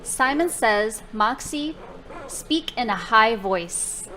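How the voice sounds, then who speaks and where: A woman demonstrating a product live, giving slow, deliberate commands. Her voice sits a little high and moves at a very unhurried pace. Faint noise runs underneath. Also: lively intonation, sharp tone.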